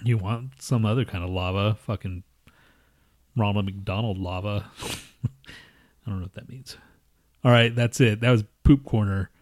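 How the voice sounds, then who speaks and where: A man's voice: fairly low pitch, measured pace, pauses often, a little mellow, dry recording, clean studio sound. A man co-hosting a podcast, chatting casually with lots of swearing, laughter and teasing. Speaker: podcast co-host. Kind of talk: casual crude banter.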